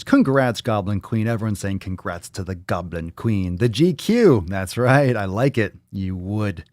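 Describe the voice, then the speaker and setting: A male host of a live fitness show, bantering with his audience in a crude, teasing tone. His voice swings widely in pitch as he jokes around. The sound is dry and close, with no room echo. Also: darkish tone. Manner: profane, teasing, joking banter. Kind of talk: casual livestream chat.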